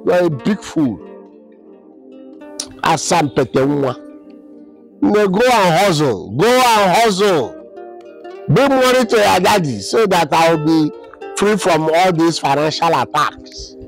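A scheming village father with a Nigerian accent, his gravelly voice swinging high and low as he scolds and mocks. He sounds pitched high for a man. Soft film music plays under him. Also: lively intonation, slow pace, long pauses, exaggerated voice. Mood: mocking. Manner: scolding, mocking, with local-language exclamations. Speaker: father of a grown daughter. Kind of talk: Nollywood film acting.

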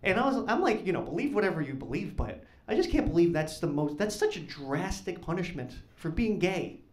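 Deadpan stand-up comic in an echoey club. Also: male voice, high voice, fairly quick. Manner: deadpan, awkward, builds to loud laughing punchlines. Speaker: stand-up comedian. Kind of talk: stand-up comedy set. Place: comedy club stage with live audience. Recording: echoey club with audience noise.

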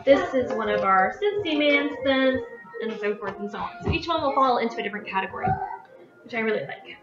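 A woman's voice: a little high, animated, fairly quick, distant mic. A woman chatting casually at home in her kitchen, reading product descriptions aloud and stumbling over some words. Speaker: vlogger reviewing scented wax products. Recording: echoey room, dull lo-fi sound, music behind.

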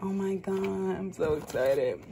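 A young woman vlogger telling a story in a casual, animated way, full of exclamations and playful slang. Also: medium pitch, measured pace, gravelly, breathy edge.

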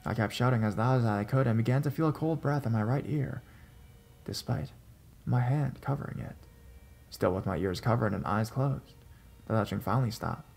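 Male horror narrator, gravelly voice, measured and suspenseful scripted read. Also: medium pitch, darkish tone. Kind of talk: scripted first-person narration.

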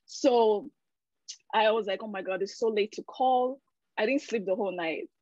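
A woman shares her personal testimonial candidly and emotionally, stumbling through fillers as she goes. Her voice sits at a middle pitch. The video call audio sounds dull and dry. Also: normal speed, a little mellow, no room sound. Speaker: patient giving a testimonial.

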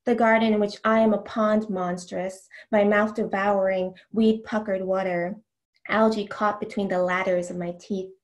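A woman poet giving a slow, deliberate reading of her own poems, with casual asides and ums between them. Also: medium pitch, flat delivery. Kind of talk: poetry reading.

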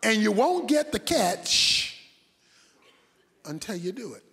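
A man preaching a sermon, dramatic, swinging between loud shouts and hushed asides. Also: high-pitched, very animated, takes it slowly, gravelly, in a large hall, a little hiss or hum.

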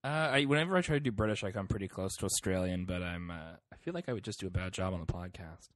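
A man co-hosting a casual podcast, matter-of-fact and quick to correct others. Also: deep voice, a bit bright, no echo. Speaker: podcast co-host.

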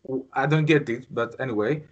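A man's voice: medium pitch, fairly quick, highs cut off. Greek man chatting, hesitant. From Greece. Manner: rambling, hesitant, many fillers. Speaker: host. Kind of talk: casual interview chat.

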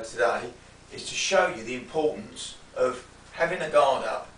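A man teaching self-defence in a demonstration lesson, often checking in with a quick "yeah?". He speaks from a distance in a roomy space with a faint hiss. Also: medium pitch, a bit bright.

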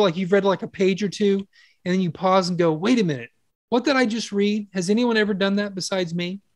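A man's voice: high-pitched, no room sound, clean studio sound. A man preaching a conversational sermon with enthusiasm, asking his listeners questions and changing his pace often. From Western country. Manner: enthusiastic, animated, with rhetorical questions to the congregation.

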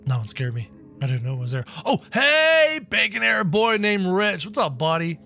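A man narrating his gameplay in a theatrical, excitable way, yelping and shrieking at scares. His voice is high and bright, and it leaps around. Game music plays faintly behind him. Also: moderate pace, gravelly. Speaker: gaming video host.

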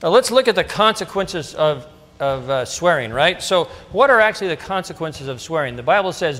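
A middle-aged man preaching a relaxed, conversational sermon. His voice sits a little high for a man, and it rings out with a long hall reverb. He keeps tossing rhetorical questions to the congregation. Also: brisk. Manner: casual and storytelling, with frequent asides and rhetorical questions. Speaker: pastor. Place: church sanctuary.

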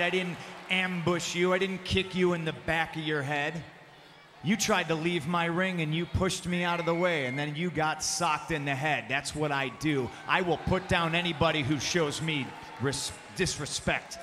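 A man with a high, piercing voice mocks his rival in a sneering wrestling promo and rises to shouts. He speaks into a handheld microphone in a large arena, with long reverb. A faint noise sits behind the speech. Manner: taunting, mocking, often shouting. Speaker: pro wrestling champion.

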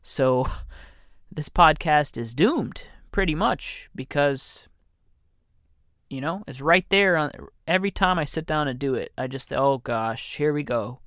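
A man hosting a solo comedy podcast, rambling at an unhurried pace and poking fun at himself. He speaks close to a studio microphone in a dry, dead room with no echo. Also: a little high, lively intonation, sharp tone. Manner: meandering, self-deprecating, jokey. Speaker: podcast host. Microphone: studio condenser mic.

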